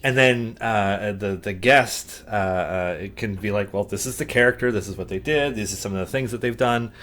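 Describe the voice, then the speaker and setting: A man's voice: on the low side, normal speed, fairly bright tone. A man hosting a casual chat, hesitant, with frequent fillers and restarts. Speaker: host.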